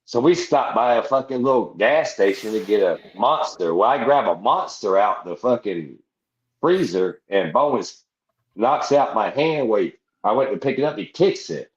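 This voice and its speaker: Here a veteran podcast guest, his voice on the low side and animated, tells a long, rowdy story at a moderate pace. It's casual storytelling that rambles along, profane and punctuated by laughing asides. The room sounds roomy and a bit dull.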